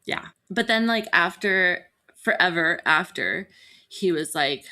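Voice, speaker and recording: A woman podcast host in her thirties, her voice on the low side and her pace slow, recounts a tale in easygoing chat. She brings it to life by acting out the voices of the people she quotes.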